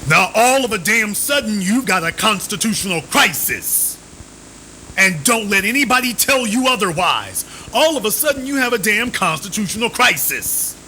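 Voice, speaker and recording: A man giving pointed commentary on a live stream, his voice pitched high and swinging widely as he drives home each point. He leans on sarcasm and fires the same rhetorical question again and again, with a sharp, bright edge. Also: very animated, normal speed, a little hiss or hum, low-quality recording.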